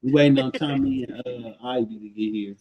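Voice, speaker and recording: Man co-host, mid-pitched, blunt profane storyteller on a casual live stream. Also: a little fast, highs cut off.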